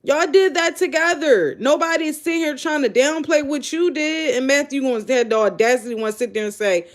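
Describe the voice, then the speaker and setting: A woman hosting a show, giving blunt, animated, incredulous reaction commentary straight to her audience. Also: high voice, moderate pace, few pauses. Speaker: show host. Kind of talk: casual live reaction commentary.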